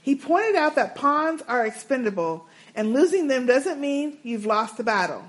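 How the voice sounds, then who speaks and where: A woman co-hosting a casual podcast, reading listener emails with sassy, animated asides. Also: sits high, moderate pace. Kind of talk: casual chat.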